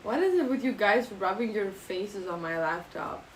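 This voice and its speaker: A woman's voice: mid-range voice, expressive, normal speed, a little hiss or hum, poor audio. A young woman streamer with a German accent, chatting playfully and reading out her live chat. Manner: playful, jokey, switching into silly mock phrases.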